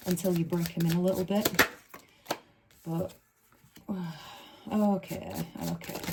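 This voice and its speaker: A woman talks through a tarot reading in a relaxed, informal way, now and then letting a mild swear word slip. Her voice sits on the low side. Faint clicks and card shuffling can be heard behind her. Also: background noise. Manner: chatty and informal, with a few stray swear words. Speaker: tarot reader. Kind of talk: casual tarot reading to camera.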